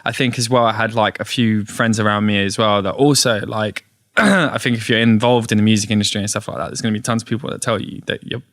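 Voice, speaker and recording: A man, a gig promoter, telling a story in a casual podcast interview, with animated retellings and frequent laughs. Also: lowish voice, fast, dry recording, studio quality. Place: podcast studio.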